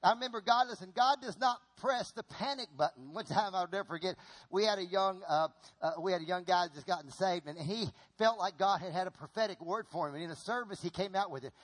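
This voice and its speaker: A middle-aged man preaching a sermon in an animated way, repeating his phrases and calling on the congregation to answer. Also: high voice, fast talker. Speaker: pastor.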